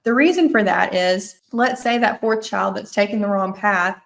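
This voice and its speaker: A woman's voice: mid-range voice, moderate pace, vocal fry, a bit bright. A woman with a Mississippi accent, an attorney on a podcast, explaining estate planning in an earnest, thorough way and often restating her points.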